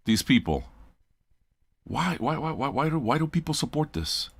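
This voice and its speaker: A man's voice: medium pitch, very animated, moderate pace, slightly rough, dry recording. An older man hosting a record-listening show, talking in a blunt, profane, rambling livestream rant.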